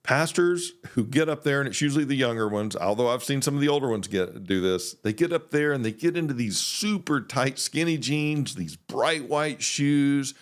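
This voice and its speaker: A middle-aged man, a former pastor, hosting a solo podcast and giving blunt, animated opinions. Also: medium pitch, moderate pace, hardly any pauses. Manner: blunt, animated, mimics others' voices.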